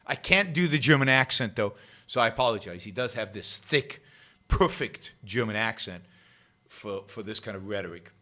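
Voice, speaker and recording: A man hosts his own solo political commentary livestream, arguing before a live audience and hammering points home by repeating phrases. His voice is lowish, animated and sharp-toned, at normal speed.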